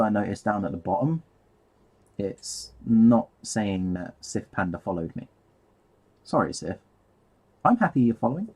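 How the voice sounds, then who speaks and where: Gravelly low-voiced man chatting. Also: a little mellow. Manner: rambling, easily distracted, chuckles at himself. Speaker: live streamer painting miniatures. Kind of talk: casual live-stream chat.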